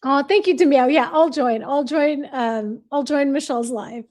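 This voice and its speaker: Bubbly high-voiced woman hosting a livestream. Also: moderate pace, a little mellow. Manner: chatty, reads viewer comments aloud and greets viewers by name; laughs easily, bubbly. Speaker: livestream host. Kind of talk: casual livestream chat.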